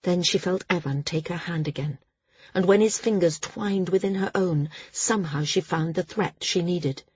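A woman narrating a fantasy audiobook in a calm, even storytelling manner. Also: on the low side, normal speed, slightly rough, no echo, lo-fi sound. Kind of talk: scripted narration.

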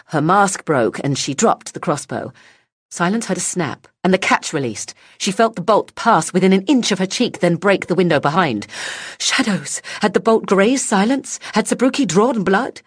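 A woman reading fantasy fiction aloud as an audiobook narrator, in a measured, even storytelling manner. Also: lowish voice, breathy edge, no room sound, studio quality.

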